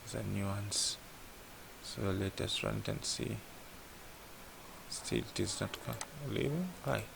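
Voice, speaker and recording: A man's voice: fairly low pitch, slow pace, gravelly, background noise. A man tutoring app programming in a casual lesson, thinking aloud and asking "what?" before he answers himself. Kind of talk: casual screen-share coding lesson.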